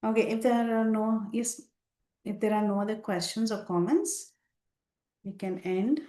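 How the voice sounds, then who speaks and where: A woman teacher telling a scripture story to a class, animated and with frequent fillers. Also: medium pitch, a little slow. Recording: roomy echo.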